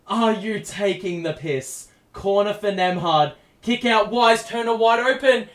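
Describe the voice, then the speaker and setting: A young Australian man giving excitable, foul-mouthed fan play-by-play on a live stream, yelling at big plays. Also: high-pitched, slow pace. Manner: excitable, swears casually, yells at big plays. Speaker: streamer hosting a game watchalong. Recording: echoey room.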